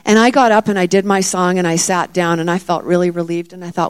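A woman's voice: on the low side, little pitch movement, fast talker, clean tone. A middle-aged woman delivers a sermon in a storytelling voice. She acts out the words of the people in her story, lifting her voice as she stresses each point. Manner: storytelling, acts out the disciples' lines with rising emphasis. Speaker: preacher.

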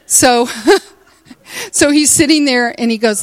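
A woman in her sixties telling a personal story to a church gathering, animated and often laughing. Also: sits high, takes it slowly, pauses often, dry recording. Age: 60s. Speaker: teacher speaking at a church retreat.

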